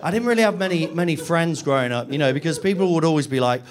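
A man works a live room with a stand-up set, his voice sitting a little high as he chats and mocks himself. He often laughs partway through his own lines. Loud crowd laughter fills the space behind him. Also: lively intonation, fast. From England (Nottingham). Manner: chatty, self-mocking, laughs through lines. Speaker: stand-up comedian. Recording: live venue with audience laughter.

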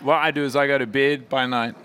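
New zealand comedian, deadpan and laid-back, chatting in an interview. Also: male voice, medium pitch, fast, clear, resonant tone. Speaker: comedian guest. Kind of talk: interview chat.

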